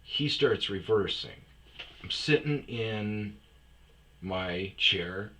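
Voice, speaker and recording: A man tells a rambling, profane story in a casual, offhand way. His voice sits a little low but comes across bright and forward. He jumps into loud, shouted bits whenever he acts out a scene. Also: animated, very slow. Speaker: storyteller host. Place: lives on a self-storage property in Arizona.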